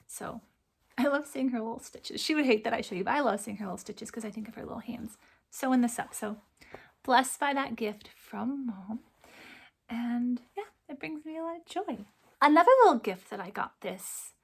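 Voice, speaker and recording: A woman hosting her cross stitch channel, talking softly and from the heart, close to tears and often dropping to a near whisper. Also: fairly high pitch, creaky. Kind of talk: casual chat to camera.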